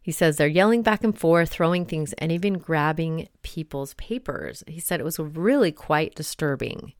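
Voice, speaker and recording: Low-voiced chatty woman telling stories. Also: moderate pace, no room sound, clean studio sound. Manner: chatty, storytelling with many fillers. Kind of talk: casual reflective monologue with read-aloud story.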